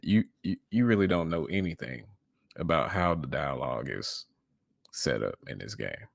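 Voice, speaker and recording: A man hosting a reaction video, answering another creator in a casual, measured way and repeating words as he presses his points. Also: rumbling low, expressive, vocal fry, no room sound, studio quality.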